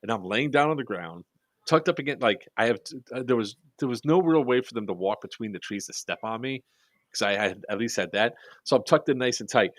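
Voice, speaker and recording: A man telling a long story in casual podcast chat, acting out the quotes with lively voices and freely swearing. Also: on the low side, dry recording. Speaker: airsoft podcast speaker.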